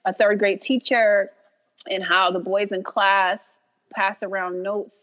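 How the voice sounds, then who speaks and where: A woman guest on a podcast, an animated storyteller who acts out what people said and laughs often. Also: medium pitch, slow, lo-fi sound. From New York. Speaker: creator and writer, guest. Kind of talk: casual podcast interview.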